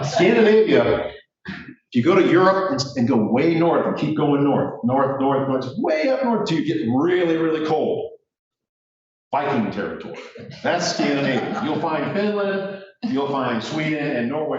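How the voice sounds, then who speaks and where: A man's voice: fairly high pitch, very animated, normal speed. A man giving a joking, self-deprecating speech at a ceremony. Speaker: speaker at a ceremony. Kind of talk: casual speech. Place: courtroom. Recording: echoey room from far off, dull.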